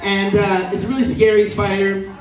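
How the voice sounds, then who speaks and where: A man in his thirties doing a stand-up comedy set, telling absurd stories in a deadpan way. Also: high-pitched, normal speed. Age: 30s. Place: comedy venue stage. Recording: roomy live room, distant, crowd laughter. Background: audience laughing.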